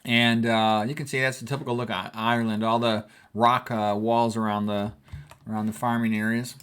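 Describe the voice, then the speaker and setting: A man's voice: on the low side, little pitch movement, normal speed, smooth. A man in his sixties from the United States, a physician talking casually and rambling as he goes through old family photos. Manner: rambling, conversational, warm reminiscing. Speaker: physician vlogger.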